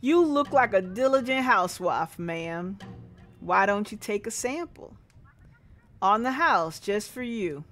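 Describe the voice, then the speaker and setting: A woman voicing a folksy, smooth-talking male gas station attendant in a drawling put-on country accent, reading a game's dialogue aloud. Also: medium pitch, animated, a little slow, fairly bright tone, soft background music. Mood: salesy.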